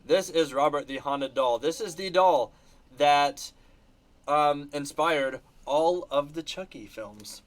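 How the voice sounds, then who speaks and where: A man hosting a casual livestream, telling animated stories and laughing between sentences. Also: fairly high pitch, takes it slowly. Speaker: channel host reacting to live chat. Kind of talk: casual livestream chat showing trip photos.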